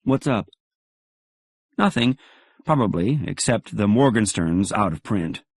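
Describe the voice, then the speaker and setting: A man reading an audiobook, voicing a sharp, probing wife who is a psychiatrist, with clipped, suspicious questions. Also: on the low side, animated, a little slow, slightly rough, no room sound, clean studio sound, exaggerated voice. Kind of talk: audiobook character voice.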